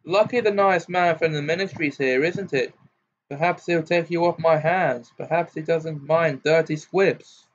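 A man's voice: fairly high pitch, normal speed, pitched above the performer's own voice, natural voice. A man voicing a furious, scornful old wizard father who bellows and jeers in a muffled home recording. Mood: jeering. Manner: bellowing, jeering, snarling.

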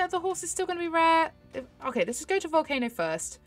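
A young woman chatting excitedly to her viewers while she plays a horse game, giggling often. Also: sits high, quick pace, faint music behind. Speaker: gaming YouTuber. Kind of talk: casual gameplay commentary.

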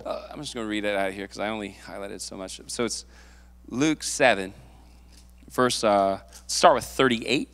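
A male pastor preaching a sermon, lively and playful, acting out the people in the story. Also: lowish voice, normal speed. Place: church sanctuary. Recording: long hall reverb.

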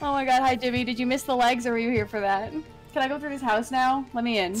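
Young female streamer, higher voice, playful and goofy, soft music bed. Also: fairly even intonation, quick pace. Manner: giggly, silly, teasing. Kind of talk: casual gaming stream chat. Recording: faint background music.

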